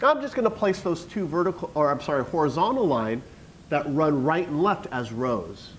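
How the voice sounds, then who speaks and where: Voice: medium pitch, expressive, normal speed, slight background noise, low-quality recording. A teacher giving a classroom lesson, coaxing the students with question after question.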